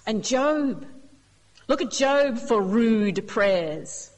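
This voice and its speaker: A higher-voiced woman preaching a sermon and reading scripture with heartfelt emphasis. Her voice trails off in a long hall reverb. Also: animated, drawn-out words, darkish tone. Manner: reads scripture passages with emotional emphasis.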